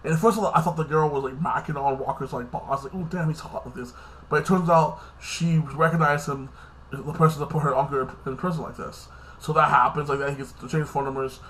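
A man talks through a TV episode recap in a loose, rambling vlog style. His voice sits a little higher than most men's. He keeps tacking "like this" onto his lines and swears freely. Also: steady tone, a little fast, fairly bright tone, slight background noise. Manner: rambling, fills with "like this" and "like that"; swears casually. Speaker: TV episode reviewer.

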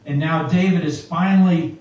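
A man preaching a sermon and reading scripture aloud in a slow, reflective way. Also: on the high side, fairly even intonation, darkish tone. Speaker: pastor. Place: church. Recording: echoey, distant, muffled church recording.

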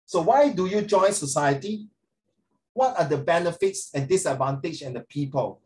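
A middle-aged man with a Singaporean accent, tutoring a class online, animated and calling on students by name. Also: a little high, normal speed. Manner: animated, code-switching, questions students by name.

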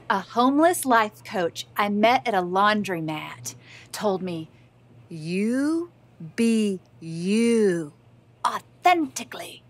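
A woman telling her own story as the lead of a comedy mockumentary, earnest and self-deprecating, awkward and halting at an audition. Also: medium pitch, a bit bright. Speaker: comedic narrator and lead character. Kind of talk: deadpan mockumentary narration.

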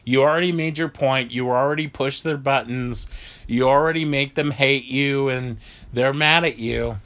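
A man's voice: medium pitch, fairly even intonation, moderate pace, a bit bright. A man vlogging in a blunt, heated, profane rant. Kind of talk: ranting monologue.

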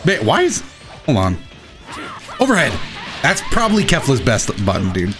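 A young man giving excitable, self-mocking live commentary while playing a fighting game. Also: medium pitch, moderate pace. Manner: excitable, self-mocking, shouts at big plays. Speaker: gaming YouTuber. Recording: game music playing behind. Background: game music.

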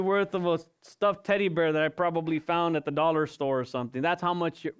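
Clear-voiced male pastor preaching. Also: on the high side, steady tone, a little fast. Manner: rhetorical questions and emphatic repetition. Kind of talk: evening sermon. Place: church service.

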